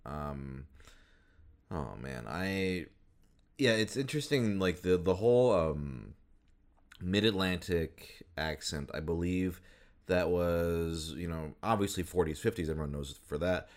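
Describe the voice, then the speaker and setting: A man's voice: low voice, lively intonation, unhurried. A man chatting casually about voice actors, rambling with many fillers and restarts.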